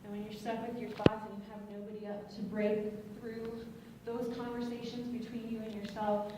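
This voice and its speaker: A woman's voice: a little high, level tone, very noisy. A woman from Colorado giving an earnest, emotional personal testimony as a student veteran speaker. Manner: earnest, emotional, halting at times. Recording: echoey hall, distant mic.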